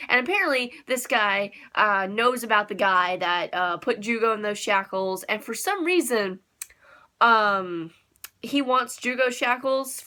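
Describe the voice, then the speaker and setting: A young woman chats through an anime episode review in a casual, gushing way. Her voice is bright and sits a little high, and she laughs and giggles often between thoughts. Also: normal speed.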